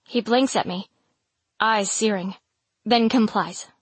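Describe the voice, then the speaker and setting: A woman narrating a first-person romantic fantasy audiobook in an intimate, measured storytelling voice. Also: mid-range voice, husky, no echo.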